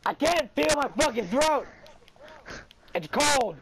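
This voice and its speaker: A man cursing and yelling loudly in casual chat while playing a video game with a friend. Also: extremely high pitch, animated, takes it slowly, gravelly, a little hiss or hum. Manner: loud, profane, yelling outbursts. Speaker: gamer playing online with a friend. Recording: loud game sound behind the voice.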